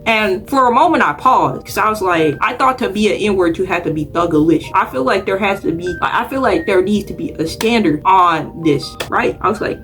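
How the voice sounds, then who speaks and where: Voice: medium pitch, moderate pace, hardly any pauses, fairly bright tone, soft background music. A young adult student from Dallas, Texas, telling school stories in a casual storytime vlog, chatty and digressive, often correcting themselves mid-sentence.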